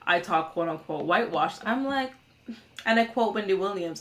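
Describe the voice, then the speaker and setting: A woman talking as a guest on a podcast in an earnest, measured conversational way. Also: medium pitch, lively intonation, fairly bright tone. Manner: earnest, measured, quotes others. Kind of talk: casual conversation.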